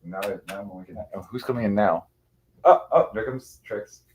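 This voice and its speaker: A man's voice: lowish voice, fairly quick, lo-fi sound. A man chatting casually on a livestream, rambling with many restarts and cooing to his cats.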